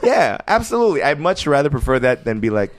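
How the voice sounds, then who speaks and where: An American man in his thirties, a comedian guest on a casual podcast, telling animated, rambling stories and laughing often. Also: medium pitch, quick pace.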